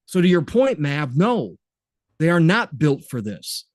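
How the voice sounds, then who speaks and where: A male podcast host in animated, profane casual chat, reading viewer comments. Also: fairly high pitch, no echo, studio quality. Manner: animated, profane, quick to laugh.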